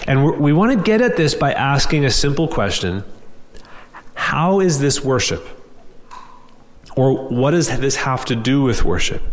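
Man preaching in a reverberant hall. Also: mid-range voice. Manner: earnest, direct, frequent restarts and repeated words. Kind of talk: sermon.

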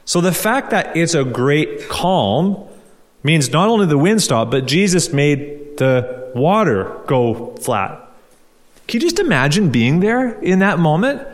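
A man's voice: fairly high pitch, very animated, slow pace. A male pastor preaching a conversational sermon, asking rhetorical questions and repeating key phrases for emphasis. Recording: long hall reverb.

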